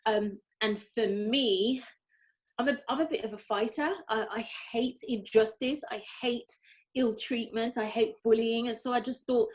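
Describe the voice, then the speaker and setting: A woman's voice: a little high, fairly even intonation, measured pace. Reflective woman with a light Brummie accent. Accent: light Birmingham. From Birmingham, England. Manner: reflective, with frequent restarts and repeated phrases. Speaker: interview guest. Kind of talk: candid interview conversation.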